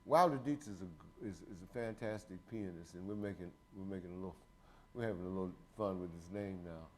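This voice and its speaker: A man's voice: deep voice, a little fast. A man in his sixties hosting a casual show, rambling and joking with frequent laughs. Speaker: host. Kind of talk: casual chat.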